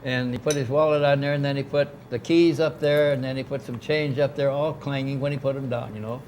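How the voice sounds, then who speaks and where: With a brisk, a little mellow mid-range voice and fairly even intonation, an older interviewee casually tells a long, anecdotal tale. He performs the dialogue of the people he quotes, and there's slight background noise.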